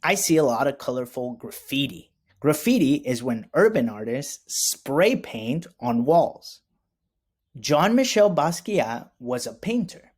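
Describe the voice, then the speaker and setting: Slow, animated male teacher, slightly husky. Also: medium pitch. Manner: slow, clear, encouraging teacher talk with repeat-after-me prompts. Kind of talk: classroom lesson for young students.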